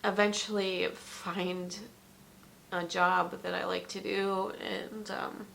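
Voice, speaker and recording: Tearful woman with a gravelly, bright voice. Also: medium pitch, flat delivery, a little hiss or hum. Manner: emotional, tearful, halting with many ums. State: fighting back tears. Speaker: vlogger. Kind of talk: personal vlog confession.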